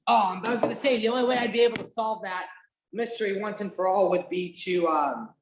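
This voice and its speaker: A woman's voice: medium pitch, fast, background noise. A woman hosting a casual podcast, rambling with many fillers and restarts and casual swearing. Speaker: podcast host. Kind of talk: casual chat, watch-along podcast. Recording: roomy echo.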